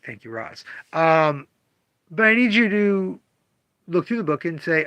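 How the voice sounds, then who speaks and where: This is a comic store owner on a casual livestream, animated as he acts out what his customers say. His pitch is fairly high and his pace moderate, with no echo in the sound.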